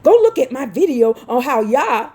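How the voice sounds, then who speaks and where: A woman's voice: sits high, very animated, normal speed, mellow. A woman preaching a fervent, scolding sermon, reading scripture aloud and crying out as she repeats her phrases. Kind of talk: impassioned street-style sermon with scripture reading.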